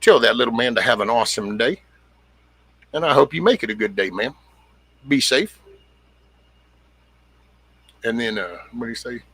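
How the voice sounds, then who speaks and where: Blunt rambling man, husky and dry. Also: medium pitch, normal speed, pauses often, bright, forceful tone, no room sound. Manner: rambling, blunt, swears casually, greets viewers by name. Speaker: livestream host. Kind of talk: casual livestream chat reading comments.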